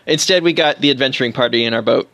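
A man's voice: mid-range voice, racing, bright, forceful tone, dry recording. A man co-hosting a casual podcast about tabletop games, talking enthusiastically with fillers and restarts. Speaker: podcast co-host.

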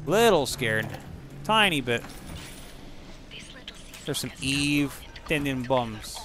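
A man giving casual let's-play commentary over a video game, excitable and profane, breaking into silly rhymes and sound effects. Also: medium pitch, slow, pauses often, slight background noise. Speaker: gaming channel host.

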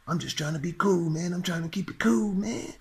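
A man acting out a laid-back young guy who calmly asks his friend to keep it cool. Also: high voice, brisk, vocal fry. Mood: placating. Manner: soft, easygoing, repeated "man".

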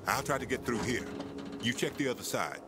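A man's voice: medium pitch, expressive, brisk, background noise, close to an everyday voice. An actor playing a cautious, earnest adult male survivor in a video game. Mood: steady.

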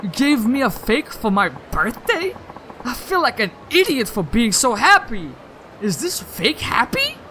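A man voicing an excitable young girlfriend in a video game, raising his voice high and gushing. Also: unhurried, a little hiss or hum, heavily acted. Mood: upset.

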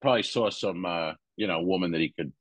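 A man's voice: sits low, fast, no echo, rough recording. Man telling a rambling crude story. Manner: rambling anecdote with crude jokes. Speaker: podcast co-host; stand-up comedian. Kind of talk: casual storytelling.

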